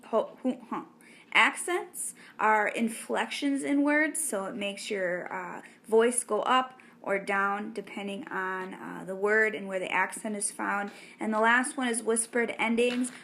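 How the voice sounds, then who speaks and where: A young adult woman giving a spoken language lesson, slowly and carefully pronouncing each sound for learners to repeat. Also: medium pitch, a bit bright, a little hiss or hum. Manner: slow, careful, clearly enunciated. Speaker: language teacher.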